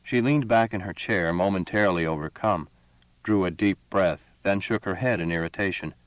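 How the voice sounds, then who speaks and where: A man reading a science fiction story as narrator, measured and steady. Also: low voice, no room sound, highs cut off. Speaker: audiobook narrator. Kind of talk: scripted narration.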